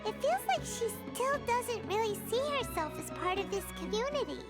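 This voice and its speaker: A tiny, bubbly girlish companion with a very high, bouncy voice. She is outspoken and chirpy. Loud music plays under this game audio. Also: big pitch swings, normal speed. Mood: curious.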